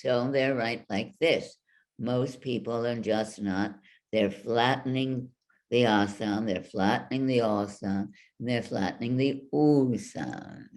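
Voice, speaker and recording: A woman's voice: rumbling low, a little mellow. A woman voice coach teaching an online workshop, explaining and demonstrating sounds over a video call. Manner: demonstrative, drawn-out vocal examples.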